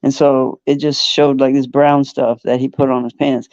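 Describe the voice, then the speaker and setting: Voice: medium pitch, normal speed, dry recording, dull audio. A podcast host in casual chat, telling stories with a laugh and acting out the people in them. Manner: animated storyteller who acts out quoted voices; laughs often.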